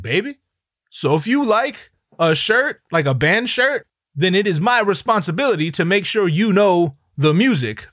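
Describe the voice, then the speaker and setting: A middle-aged man hosting a podcast, ranting casually in a profane, rambling, animated way. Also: fairly high pitch, no room sound, studio quality. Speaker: podcast host. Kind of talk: casual solo podcast rant.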